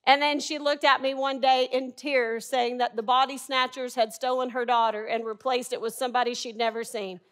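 A middle-aged woman delivers a sermon with a bright, forward tone that sits a little high. She talks to the congregation like friends, mixing humor with emphatic preaching. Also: little pitch movement, normal speed, hardly any pauses, clear, resonant tone.

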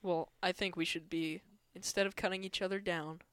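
Bright, smooth-voiced joking man. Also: high voice, little pitch movement, dry recording. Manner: self-deprecating, jokey, halting with fillers. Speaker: comedian and podcast co-host. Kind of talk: casual comedy banter.

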